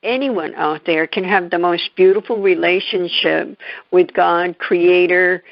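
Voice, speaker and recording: A woman hosting a radio interview, halting and searching for words in a gentle way. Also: on the low side, fairly even intonation, creaky, no echo, lo-fi sound. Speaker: radio show host.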